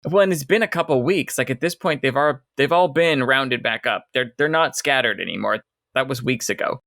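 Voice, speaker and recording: Man, podcast co-host, reads novel passages aloud, medium pitch, dry recording. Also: a little fast, gravelly, bright, forceful tone, dry recording. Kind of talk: casual book discussion with read-aloud passages.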